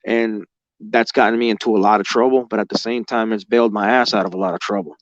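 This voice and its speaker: A man with a fairly low voice tells his own story in a loose, rambling way, swearing constantly and leaning on "like" as filler. He sounds raw and emotional. The recording is dry and close, with slightly dull, lo-fi audio. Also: fairly even intonation, quick pace, dry recording. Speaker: guest recounting experiences. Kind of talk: casual spoken storytelling.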